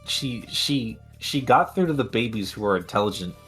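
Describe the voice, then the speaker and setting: Low-voiced laughing male podcast host. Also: expressive, moderate pace, fairly bright tone, husky, soft background music. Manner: laughing, swearing freely, rambling with fillers. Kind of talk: casual chat.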